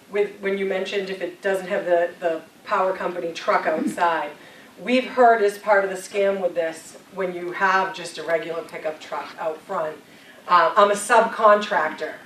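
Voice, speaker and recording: A woman's voice: medium pitch, slight background noise. A woman police officer speaks to a community audience, giving plain, direct advice in a reassuring tone. She sounds distant from the mic, and the room echoes noticeably around her voice. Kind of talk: community presentation.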